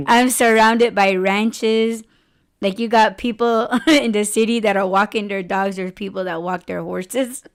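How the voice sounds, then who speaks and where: A woman's voice: medium pitch, measured pace. A woman in her forties hosting a podcast, chatting candidly, laughing often and swearing freely. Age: 40s. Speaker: podcast host. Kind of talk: casual chat.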